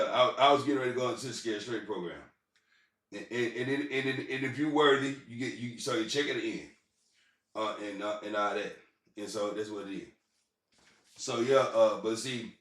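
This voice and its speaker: A man's voice: mid-range voice, a bit bright. Rambling man, far from the mic. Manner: halting, repetitive restarts and profanity. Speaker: vlogger. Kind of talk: rambling personal storytelling. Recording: roomy sound, far from the mic.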